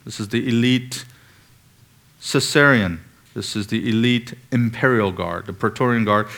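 A man's voice: fairly low pitch, normal speed, a bit bright. A man preaching an expository sermon, asking the congregation pointed rhetorical questions and pressing on key words.

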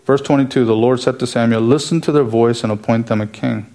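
A man's voice: medium pitch, fairly even intonation, quick pace, mellow. A man preaching an earnest expository sermon, asking emphatic rhetorical questions as he explains a scripture passage verse by verse.

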